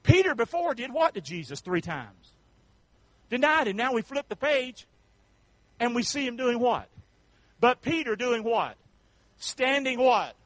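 A male pastor preaching a sermon, calling out to the congregation for responses and building up to shouts. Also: extremely high pitch, very animated, measured pace, pauses often, dry recording, rough recording.

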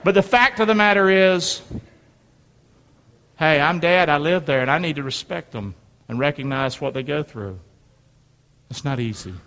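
A man's voice: a little high, moderate pace, long pauses, a bit bright. A middle-aged man preaching a sermon, emphatic, calling on his congregation to answer back. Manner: emphatic, call-and-response with congregation. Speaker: pastor. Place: church sanctuary. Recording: long hall reverb.

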